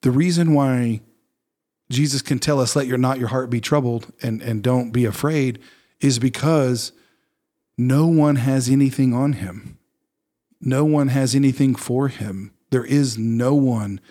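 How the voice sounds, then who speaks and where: A man's voice: medium pitch, a little slow, warm tone. A man in casual conversation on a faith podcast, thinking aloud in an earnest, reflective way. He often circles back with fillers and restarts.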